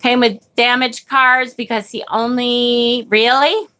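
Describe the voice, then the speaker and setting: She speaks slowly in a slightly high, steady voice with a sharp tone. As a tarot livestream host she chats casually and reads comments from viewers, often getting sidetracked and swearing lightly when annoyed.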